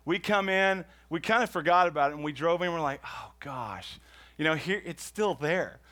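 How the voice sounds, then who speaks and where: A man's voice: a little high, brisk, pushed and bright. A man from Houston, doing rambling, self-mocking stand-up storytelling. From Houston, Texas. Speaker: stand-up comedian.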